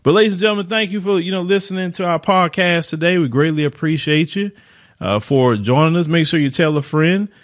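A man's voice: fairly high pitch, a little fast. A man hosting a podcast, giving an emphatic opinion monologue with rhetorical questions and repeated words for stress, speaking. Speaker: podcast host.

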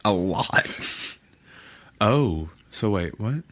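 A man co-hosting a laid-back podcast, his voice sitting on the low side. He reads from his notes haltingly, pausing and restarting over tricky words. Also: expressive, fairly bright tone. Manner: halting, stumbles over words when reading. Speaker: podcast co-host. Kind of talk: casual chat, reading notes aloud.

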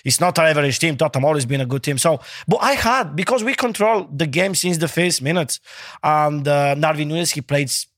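A man co-hosting a casual podcast, speaking haltingly and searching for words with non-native phrasing. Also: on the high side, animated, a bit bright, no echo, studio quality. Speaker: co-host.

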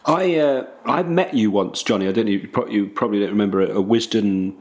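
Low-voiced man asking rambling questions. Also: a little fast, a little mellow. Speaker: host. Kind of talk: casual chat.

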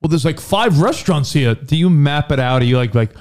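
Male co-host, animated delivery, teasing comic banter. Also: on the high side. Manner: joking, teasing, quick asides. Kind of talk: casual comedic podcast banter.

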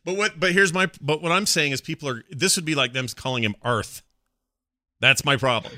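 A man's voice: fairly high pitch, brisk, bright, forceful tone, no room sound, clean studio sound. A middle-aged man hosting a podcast, chatting casually and ranting with playful exasperation. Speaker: podcast host. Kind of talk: casual chat.

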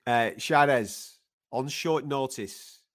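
A man's voice: mid-range voice, slow pace, fairly bright tone. A man co-hosting a podcast in casual sports chat, enthusiastic and sweary. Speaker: podcast co-host.

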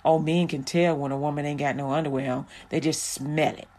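A woman's voice: low-pitched, fairly even intonation, brisk, darkish tone, voice pushed down. Woman doing a smug bragging man. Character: boastful man bragging about his instincts.

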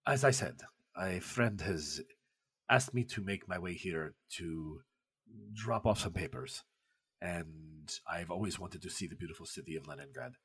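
A man voicing a courteous middle-aged male poet who speaks slowly, softly and formally. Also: low-pitched, husky, voice pushed down, heavily acted. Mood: gracious. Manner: slow, soft-spoken and formal.

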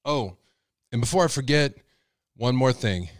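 A man's voice: medium pitch, lively intonation, measured pace, heavy background noise. A male host telling a rambling, folksy story in a casual monologue. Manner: rambling, folksy, many fillers.

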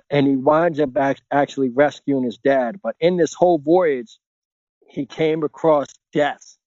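A man's voice: fairly high pitch, fairly even intonation, measured pace, darkish tone, no echo, lo-fi sound. A middle-aged man speaking earnestly and casually as a podcast guest, rambling with many filler phrases. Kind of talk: casual conversational interview.

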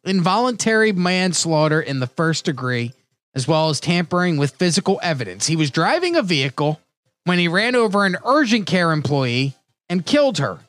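A man's voice: on the high side, big pitch swings, moderate pace, fairly bright tone, no echo. A man hosting a casual comedic chat show, joking and reading out news stories. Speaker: podcast host running a crime guessing game.

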